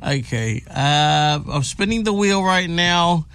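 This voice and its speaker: Slow laid-back New male co-host. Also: fairly high pitch, lively intonation, fairly bright tone, smooth. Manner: laid-back, wisecracking, reacts with quick interjections. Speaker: radio co-host. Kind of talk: breakfast radio banter. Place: radio studio. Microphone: studio microphone.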